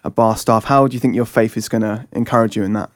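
A man's voice: lowish voice, steady tone, quick pace, no room sound, clean studio sound. A man hosting a radio talk show, asking guests questions attentively. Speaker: radio host. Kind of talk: casual radio chat.

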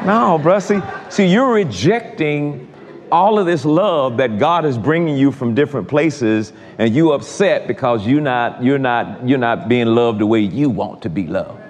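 In a long, echoing hall, a man gives a sermon at a measured pace with a medium-pitched voice. He talks casually and repeats himself, addressing the congregation directly.

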